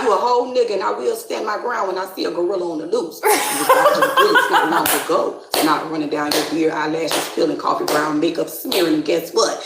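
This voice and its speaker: A woman's voice: lowish voice, background noise. Taunting woman roasting, echoey room. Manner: taunting, laughing between jabs. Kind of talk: mocking roast rant.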